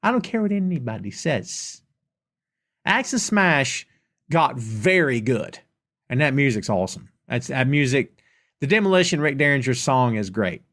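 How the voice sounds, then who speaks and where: A man's voice: mid-range voice, big pitch swings, normal speed, a bit bright. A man with a Southern US accent hosting a live question-and-answer podcast. He rants emphatically and casually, repeating lines for effect. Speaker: podcast host.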